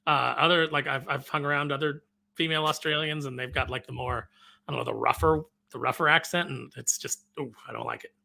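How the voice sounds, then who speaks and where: A man co-hosting a podcast in casual chat, jokey and animated, sometimes trailing off into quiet asides. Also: medium pitch, brisk, gravelly. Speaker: podcast co-host.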